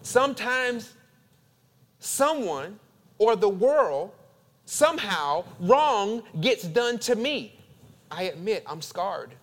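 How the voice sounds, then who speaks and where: A male pastor preaching a sermon, building emphatic repeated phrases and then dropping to quiet, confessional tones. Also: sits high, sing-song, slow. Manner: emphatic preaching with dramatic repetition.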